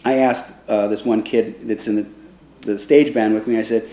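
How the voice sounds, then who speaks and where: A man in his sixties, a trombone player, recalling his past in a relaxed, rambling way with restarts, acting out other people's voices when he quotes them. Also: lowish voice, moderate pace. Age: 60s. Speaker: trombone player recounting his band's start. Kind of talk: casual spoken storytelling. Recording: echoey room.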